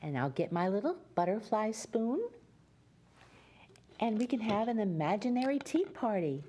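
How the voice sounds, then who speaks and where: A woman hosting a children's show, reading a fairy tale aloud in a gentle, sing-song way and speaking to young children. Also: medium pitch, big pitch swings, moderate pace.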